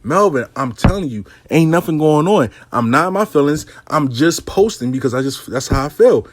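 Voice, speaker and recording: A man's voice: on the high side, expressive, normal speed. A man voicing an emotional young woman client who pleads and defends herself. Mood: defensive.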